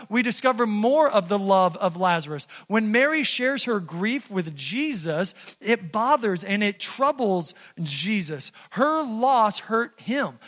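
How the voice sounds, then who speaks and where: A man preaching a sermon in a casual, animated storytelling way. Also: sits high, long reverb tail. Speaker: pastor.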